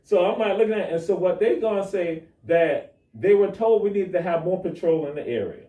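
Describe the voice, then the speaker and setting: A man's voice: high-pitched, expressive, a little fast, phone-quality sound. A man animatedly retelling a traffic stop, acting out the dialogue, as a guest on a talk show. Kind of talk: animated storytelling. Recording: echoey room, mic at a distance.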